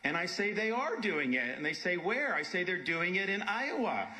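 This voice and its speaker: A man's voice: high voice, big pitch swings, moderate pace. A man giving a campaign speech to a crowd, in a clip played on the show.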